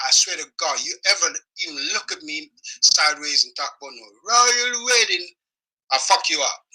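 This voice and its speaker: A man delivering an angry, profane weekly rant, swearing constantly and shouting in bursts. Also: a little high, breathy edge, poor audio. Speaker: video blogger.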